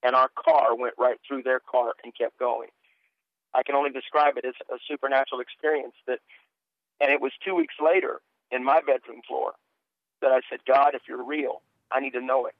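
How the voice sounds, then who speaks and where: A man's voice: mid-range voice, steady tone, moderate pace, no echo. Earnest man on a tinny phone line. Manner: earnest storytelling, stammers on restarts. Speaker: guest minister and author. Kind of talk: testimony in a radio interview.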